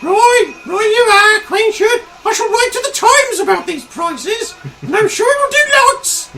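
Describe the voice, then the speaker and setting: A man voicing a grumbling old Cockney man who rants about prices in a shrill, shouting voice. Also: animated, unhurried, full character voice, rough recording. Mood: indignant.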